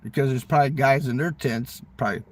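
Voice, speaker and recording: A man with a smoker's rasp, rambling through a profane political rant. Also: medium pitch, quick pace, recorded from a distance. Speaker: vlogger.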